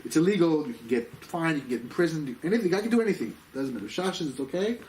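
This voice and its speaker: A man teaching a Torah class as a rabbi, telling stories excitably, dropping in Yiddish and Hebrew terms and acting out the people in them. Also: rapid-fire. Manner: excitable, acts out quoted people with sudden jumps in pitch. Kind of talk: animated storytelling Torah class. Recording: distant mic with faint background noise.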